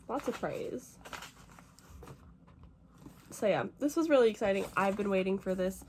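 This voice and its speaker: A young American woman vlogs about books in a casual, rambling chat, teary and gushing with emotion. Her voice sits at an ordinary middle pitch, and a faint hiss runs underneath the recording. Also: a little mellow. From United States. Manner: fast, rambling with many fillers. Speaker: book vlogger.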